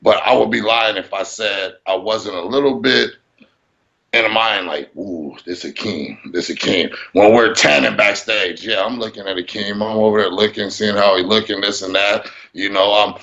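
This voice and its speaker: A man talking in a casual interview as a bodybuilder guest, animated, acting out his own thoughts. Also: lowish voice, normal speed, vocal fry, lo-fi sound.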